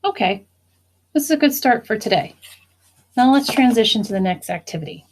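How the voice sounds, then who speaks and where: A woman's voice: on the high side, expressive, a little fast. A woman teacher giving a recorded phonics lesson, spelling words out letter by letter and explaining each syllable.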